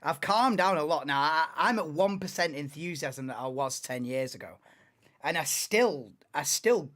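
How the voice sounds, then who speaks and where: A man in his late twenties, hosting a live race watchalong in an excitable, rambling, chatty way. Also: on the high side, moderate pace. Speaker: livestream host.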